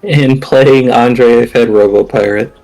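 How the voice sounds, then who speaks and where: A man serving as game master and storyteller, pausing often and searching for words. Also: mid-range voice, steady tone, vocal fry, a little mellow, a little hiss or hum. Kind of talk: narrating a tabletop game.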